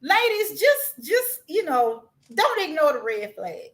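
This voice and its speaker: Woman, slightly high voice, podcast guest, easygoing chatty advice. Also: sing-song, slow pace, low-quality recording. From Mississippi. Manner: warm, easygoing, chatty with many fillers. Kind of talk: casual chat.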